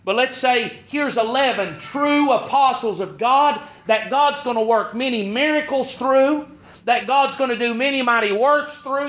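Bright high-voiced preacher, lo-fi. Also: male voice. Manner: emphatic preaching, repeating words for stress. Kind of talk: sermon.

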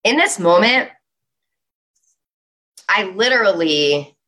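A young woman giving a motivational talk, telling a personal story in an animated way with lots of "like". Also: mid-range voice, slow. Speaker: speaker.

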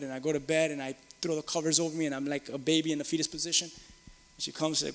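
A man's voice: on the high side, little pitch movement, fast, big-room sound. A middle-aged man preaching a sermon, earnest and repetitive, rising to emphatic peaks. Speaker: pastor.

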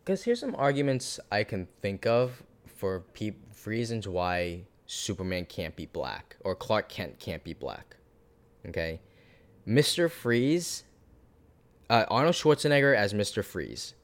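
A man co-hosting a podcast, rambling and animated in casual chat, swearing now and then. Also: fairly low pitch, measured pace. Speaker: podcast co-host.

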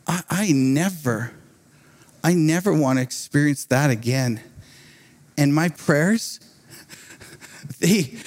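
A man delivering a sermon in a fairly high voice, lively and conversational. He tells his story with quick restarts and little laughs between phrases. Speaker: preacher.

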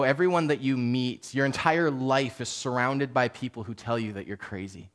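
A Canadian pastor preaches a sermon in church, his voice a little high and somewhat bright. He talks in a conversational, self-deprecating way and restarts often.

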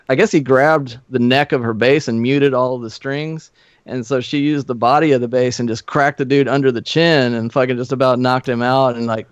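A man's voice: mid-range voice, smooth, no echo. A man who plays in a band, guest on a podcast, telling loose, profane stories and acting out the voices of people in them. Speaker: guest musician. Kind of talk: casual storytelling chat. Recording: dull, muffled podcast audio.

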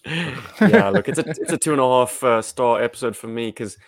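Man, podcast co-host, gravelly voice, dry close sound, wry. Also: mid-range voice, expressive, moderate pace, no room sound. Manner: wry, inquisitive, asks the group questions. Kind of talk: casual chat.

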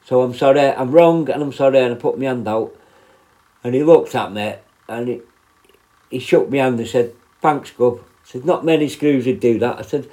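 A man's voice: mid-range voice, normal speed, dark tone, rough recording. A man, a former prison officer hosting a podcast, telling work stories in a blunt, sweary, rambling way. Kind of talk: casual storytelling monologue.

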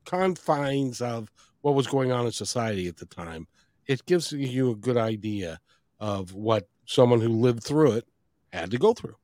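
A man's voice: medium pitch, expressive, a little slow, a little mellow, no room sound, clean studio sound. A man hosting a podcast interview, friendly and praising, repeatedly urging listeners to get his guest's book. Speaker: podcast host.

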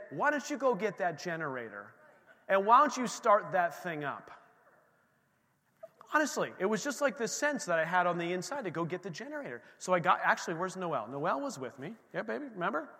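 A middle-aged male pastor preaching a sermon, telling a personal story in a lively way and acting out his own quotes. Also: sits high. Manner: animated storytelling with acted-out quotes. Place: church sanctuary. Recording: long hall reverb in a church.

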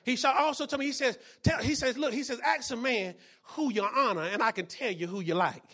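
High-voiced preaching pastor, man. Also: brisk. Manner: preaches with bursts of shouting and repeated phrases; calls to the congregation for responses. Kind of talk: sermon.

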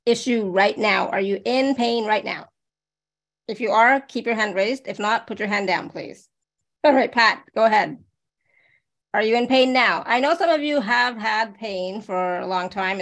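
A woman hosting a live online talk in a gravelly, creaky voice. She is chatty, laughs easily and often restarts her sentences. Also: mid-range voice, measured pace, a bit bright. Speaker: host. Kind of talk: casual live online chat.

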